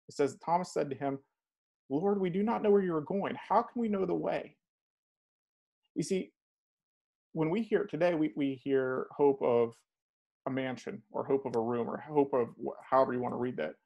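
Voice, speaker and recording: Gravelly-voiced man preaching a sermon. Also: medium pitch, darkish tone. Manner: informal, halting, repeats words as he thinks aloud. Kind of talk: conversational sermon.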